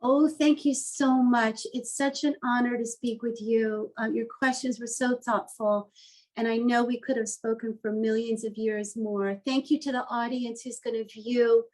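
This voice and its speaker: A woman's voice: a little high, steady tone, measured pace, a little mellow, rough recording. A woman artist telling a story in an interview, speaking in a heartfelt, earnest and openly emotional way.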